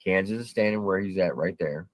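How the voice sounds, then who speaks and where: A man's voice: deep voice, brisk, no echo. A man telling a story in casual talk, recounting events step by step in a blunt, drawling way. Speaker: storyteller guest.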